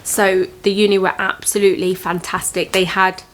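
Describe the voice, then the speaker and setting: A young woman talks straight to camera in a personal storytime vlog. She sounds earnest and reflective, pausing and restarting as she works through emotional memories. Her tone turns motivational and heartfelt. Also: mid-range voice, level tone, fairly bright tone, slight background noise. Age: 20s. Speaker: vlogger.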